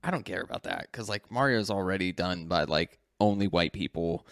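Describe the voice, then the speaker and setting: A man sits low in pitch with a creaky, brisk delivery while co-hosting a casual podcast. He rambles, laughs a lot and keeps correcting himself, and the sound is dry and clean, like a studio.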